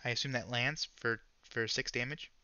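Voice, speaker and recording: A man narrating as game master of a tabletop game, casual and halting with fillers. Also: medium pitch, fairly even intonation, pushed and bright, dull audio.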